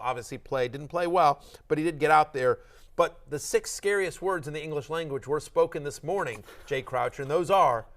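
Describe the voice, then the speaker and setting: A middle-aged man hosting a casual sports podcast, talking in an animated, joking way with quick restarts. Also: a little high. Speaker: host.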